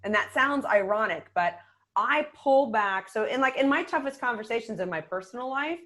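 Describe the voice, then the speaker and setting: Calm, soft-spoken woman coach. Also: a little high. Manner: calm, measured, often drops to a quiet voice. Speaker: podcast guest, communication coach and author. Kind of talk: conversational podcast interview.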